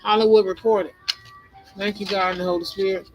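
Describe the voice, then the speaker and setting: A woman's voice: medium pitch, little pitch movement, brisk, rough recording. A woman hosting a spiritual channel, rambling through a conspiratorial monologue and laughing between her thoughts. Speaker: tarot and spiritual channel host. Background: music playing.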